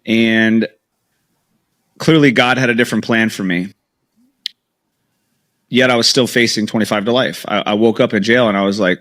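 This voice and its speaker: A man in his thirties joins a podcast as a guest, candidly retelling his past in an emotional, story-driven interview full of quoted dialogue. His voice is fairly low and a bit bright, with a steady tone and slightly quick delivery.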